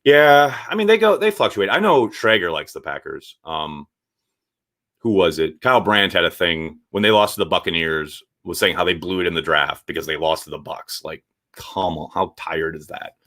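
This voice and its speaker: A lowish-voiced man hosts a casual live stream, reacting to viewer comments. He talks bluntly and swears freely, and his pitch jumps around a lot as he gets going. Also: animated, normal speed, fairly bright tone. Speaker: sports show host reading viewer chat.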